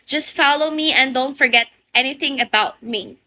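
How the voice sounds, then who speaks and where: A woman's voice: sits high, normal speed, sharp tone. A woman with a Filipino accent, a native Tagalog speaker, chatting playfully with viewers on a casual livestream, teasing and laughing often.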